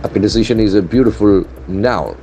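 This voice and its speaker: A man teaching from newspaper headlines, deliberately spelling out and repeating words. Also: lowish voice, mellow, faint music behind. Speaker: English language trainer. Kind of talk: newspaper-based English lesson.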